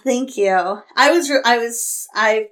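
A woman co-hosting a podcast in casual chat, chatty and supportive with quick interjections. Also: on the high side, fairly bright tone. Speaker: podcast co-host.

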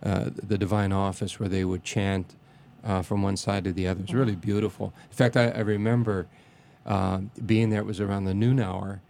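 A man reminiscing in a casual interview, speaking haltingly with many restarts and fillers and a reverent tone. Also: on the low side, little pitch movement, creaky, a little mellow.

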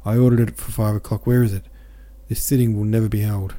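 A man's voice: lowish voice, level tone, fast, warm tone, natural voice. A man reading as a haughty, imperious old aristocrat. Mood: furious. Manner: haughty, commanding, irritable.

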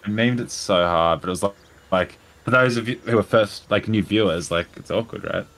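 A man's voice: lowish voice, brisk, a bit bright. A man who is a podcast guest, chatting in a laid-back way with casual swearing. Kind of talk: casual chat.

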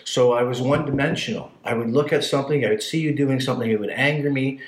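A man's voice: mid-range voice, fast talker. Blunt, swearing man in an echoey room. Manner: blunt, swears a lot, animated when retelling scenes. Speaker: guest telling his life story. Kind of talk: casual storytelling chat.

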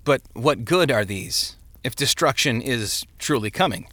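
A man's voice: medium pitch, animated, measured pace, pushed and bright, no echo. A man voicing a weary, burdened young husband. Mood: glum. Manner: heavy, glum.

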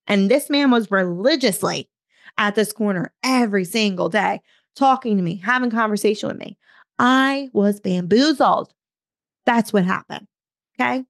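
A woman in her thirties, a podcast host, telling a story casually in an animated way, swearing and quoting her own thoughts. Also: medium pitch, dry recording, studio quality. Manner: animated, swears, talks to herself in quotes.

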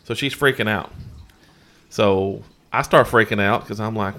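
A man's voice: lowish voice, steady tone, moderate pace, a bit bright. A man co-hosting a casual chat, telling a story animatedly and mimicking voices. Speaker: co-host.

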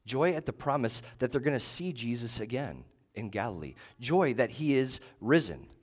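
A male pastor preaching a sermon in a measured, emphatic way, leaning on short repeated phrases. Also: medium pitch, big pitch swings.

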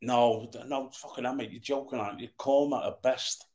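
A man's voice: steady tone, brisk, darkish tone. A middle-aged man, a former footballer, answering quiz questions bluntly and with laddish humour. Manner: blunt, low-key, laddish. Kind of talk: casual chat.

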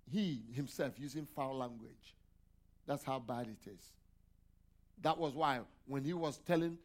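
A male pastor preaching a sermon, asking the congregation questions for them to answer aloud and dropping in hallelujahs and amens. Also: fairly high pitch. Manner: call-and-response questions to the congregation.

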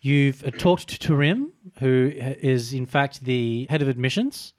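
A man's voice: medium pitch, unhurried, no room sound. Male game master, casual and laughing, dry close mic. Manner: relaxed, laughs often while describing. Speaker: dungeon master. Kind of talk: casual tabletop game narration.

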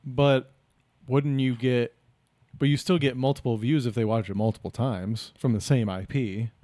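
A man's voice: medium pitch, fairly even intonation, normal speed, dark tone, no room sound. A man co-hosting a casual podcast, tossing in crude, teasing jabs. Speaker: podcast co-host, comedian.

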